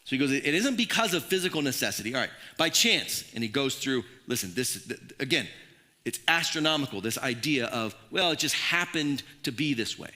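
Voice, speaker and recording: A man preaching a casual, conversational sermon in a church, animated and full of asides and restarts. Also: mid-range voice, fairly quick. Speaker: pastor.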